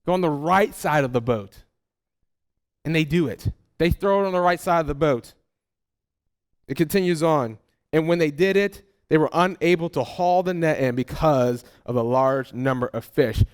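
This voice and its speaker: A pastor preaching a sermon to his congregation. He talks to them directly in a conversational, animated way and acts out people's replies. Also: on the high side, normal speed, clean tone.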